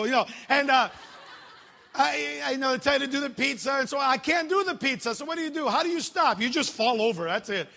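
Man preaching, high voice, joking, echoing church hall, middle-aged youth pastor. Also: brisk, vocal fry. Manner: animated, joking storyteller. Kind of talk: sermon. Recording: long hall reverb.

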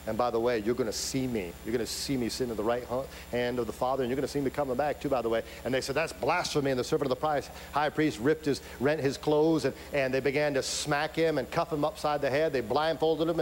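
A man preaching a sermon, swinging from loud, emphatic peaks to soft, intimate asides. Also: mid-range voice. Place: large church sanctuary. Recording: hall reverb, faint hum.

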